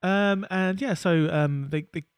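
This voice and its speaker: Rambly podcast guy, kinda high voice, dry mic. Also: a little slow, smooth, no echo. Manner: chatty, rambling with frequent restarts and fillers. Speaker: podcast co-host. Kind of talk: casual chat.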